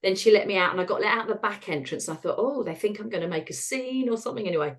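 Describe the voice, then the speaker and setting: A woman's voice: mid-range voice, quick pace. A middle-aged British woman, a retired osteopath, telling her own story frankly and wryly in an interview, acting out bits of dialogue. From United Kingdom. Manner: frank, wry, acts out dialogue in quotes.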